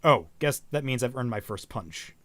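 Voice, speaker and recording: A man voicing a huge, gentle young swordsman in a lowered, quiet voice. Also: animated, normal speed, no echo.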